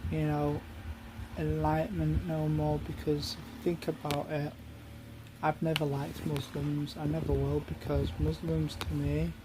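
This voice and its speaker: A man's voice: a little high, noisy background. A man ranting in an angry monologue, heated and repetitive, swearing often.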